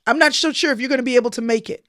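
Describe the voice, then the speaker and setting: A woman's voice: high-pitched, rapid-fire, fairly bright tone, dry recording, studio quality. A woman voicing a skeptical inner voice that mocks and doubts whether you can make it. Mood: taunting. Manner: mocking, skeptical.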